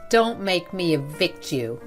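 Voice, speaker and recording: A woman's voice: on the low side, lively intonation, measured pace, soft background music. A woman voicing a cruel older woman who runs a school, speaking with cold contempt. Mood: contemptuous.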